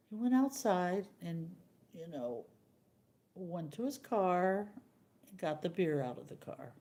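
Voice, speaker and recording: An older woman hosting a live stream, chatting casually with viewers and telling a rambling, halting story. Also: lowish voice, animated, warm tone.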